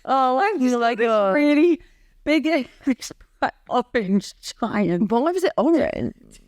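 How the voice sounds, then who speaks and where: A woman co-hosts a relaxed podcast, reading listener stories in an unhurried, fairly high voice. Her comments are dry and wry, recorded close and dry with no room sound. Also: dry recording. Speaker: podcast co-host.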